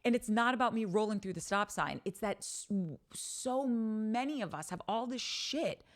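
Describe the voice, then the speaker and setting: A woman hosting a podcast, talking in a candid, animated monologue, telling stories with frequent swearing and restarts. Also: on the high side, normal speed. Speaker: podcast host. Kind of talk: casual monologue.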